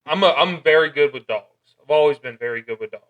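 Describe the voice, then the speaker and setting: A man's voice: on the high side, fast talker, phone-quality sound. A man co-hosting a casual podcast, talking earnestly from his own work experience. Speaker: podcast co-host. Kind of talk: casual chat.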